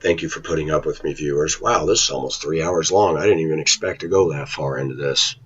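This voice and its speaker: Blunt middle-aged guy ranting to his viewers, husky lowish voice, muffled lo-fi audio. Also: fairly quick. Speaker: vlogger. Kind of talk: casual monologue to viewers.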